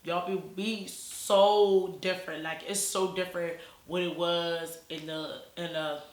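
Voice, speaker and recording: A woman's voice: lowish voice, little pitch movement, unhurried. A young woman telling a casual storytime vlog, rambling and swearing freely with many restarts. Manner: rambling, profane, restarts often. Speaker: vlogger. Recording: echoey room.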